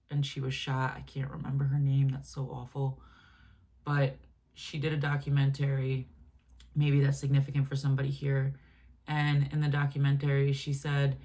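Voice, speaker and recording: Woman doing a channeled reading, gravelly low-key voice, rambling and sweet. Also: monotone, normal speed. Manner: gentle, affectionate, addresses listener as my love and baby; meandering, filler-heavy, self-correcting. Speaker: channeled message reader.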